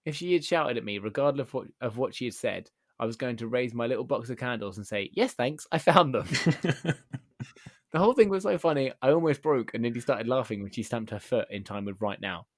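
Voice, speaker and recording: A male podcast host recounts an anecdote in a casual, deadpan and amused manner. His lively voice rises and falls expressively as he tells the story. The sound is close and dry, with no room around him. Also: mid-range voice, brisk, no echo.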